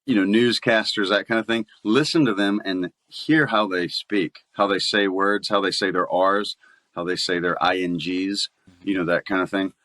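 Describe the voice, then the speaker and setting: A man's voice: deep voice, steady tone, normal speed, fairly bright tone, dry recording. A man with a Southern US accent, a voice actor chatting casually as an interview guest and laughing often.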